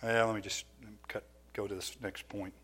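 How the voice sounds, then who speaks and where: A middle-aged man giving a sermon as a pastor, telling stories from his own life with lively, self-mocking laughter. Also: fairly low pitch, normal speed, breathy edge. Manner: animated storytelling, laughing at himself.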